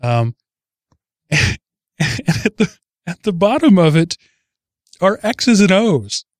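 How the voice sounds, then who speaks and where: A man's voice: sits high, very animated, slow pace, dry recording, studio quality. A man hosting a casual podcast chat, telling a news story with amused chuckles. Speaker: podcast host.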